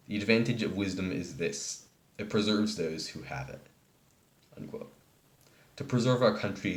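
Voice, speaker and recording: A man giving a read-aloud speech in a measured, formal manner. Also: deep voice, roomy sound. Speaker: speech giver.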